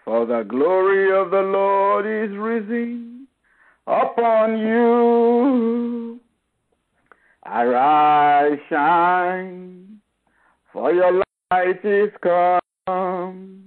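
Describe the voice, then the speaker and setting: A male preacher slowly chanting a blessing, drawing out each word. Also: high voice. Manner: slow, drawn-out declarations. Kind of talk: chanted blessing over music. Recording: phone-like radio sound.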